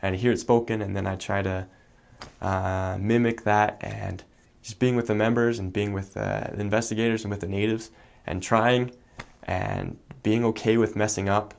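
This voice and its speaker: Low-voiced young American man explaining. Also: moderate pace, gravelly. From United States. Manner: relaxed, with fillers. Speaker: returned missionary. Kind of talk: casual explanation.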